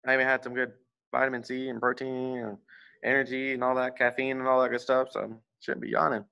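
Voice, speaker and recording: A man leads a martial arts warm-up, calling out the exercises with steady encouragement. His voice sits at a middling pitch, and between drills he slips into relaxed, offhand remarks. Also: a little fast, gravelly, clean tone, lo-fi sound. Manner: coaching, encouraging, casual asides. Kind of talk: leading an online warm-up class.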